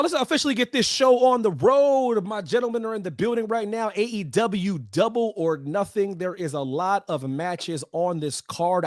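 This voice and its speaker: A man hosting a casual wrestling podcast, animated, swinging between loud and quiet. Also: a little high, no echo, clean studio sound. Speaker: podcast host.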